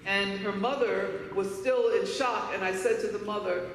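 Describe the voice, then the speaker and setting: A woman's voice: mid-range voice, steady tone, moderate pace, hardly any pauses, a little hiss or hum. A woman from Harlem giving a keynote speech, telling personal stories in an emphatic, candid way. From Harlem, New York. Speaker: keynote speaker. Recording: echoey hall, voice from far off.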